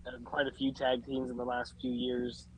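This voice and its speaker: A man chatting casually on a wrestling podcast, relaxed and a little hesitant as he weighs his opinions. A faint hiss sits under his voice. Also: medium pitch, normal speed, rough recording. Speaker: podcast co-host.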